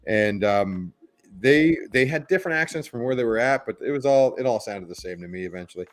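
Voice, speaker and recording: A man's voice: medium pitch, lively intonation, a little fast. Laid-back man telling stories. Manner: laid-back, jokey storyteller. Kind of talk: casual chat.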